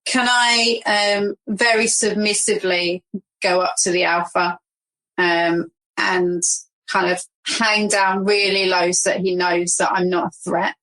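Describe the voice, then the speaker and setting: A woman's voice: mid-range voice, fairly even intonation, measured pace, a bit bright, poor audio. Playful woman player with many ums. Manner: hesitant, lots of ums, playful. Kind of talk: casual tabletop play.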